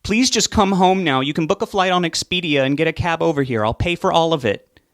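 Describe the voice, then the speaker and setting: A pleading, grief-struck middle-aged mother, voiced by a man reading a story aloud. The voice sits well above his own and carries a gravelly texture. She is tearful but insistent. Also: fairly high pitch, fairly even intonation, a little fast, dry recording, studio quality, pitched above the performer's own voice. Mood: distraught.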